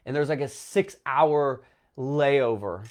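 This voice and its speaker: A man's voice: mid-range voice, slow, darkish tone. A young man, a travel vlogger, telling a personal story to the camera in a rambling way full of fillers, a little tearful. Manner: rambling, filler-heavy, emotional retelling. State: tearful, runny nose.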